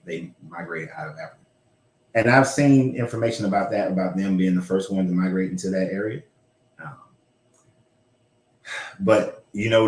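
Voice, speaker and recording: A man talking in a blunt, rambling way, with the odd curse and laugh. His voice sits a little low. He is heard in a room with a noticeable echo. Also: a little mellow. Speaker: host. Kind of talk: casual livestream chat.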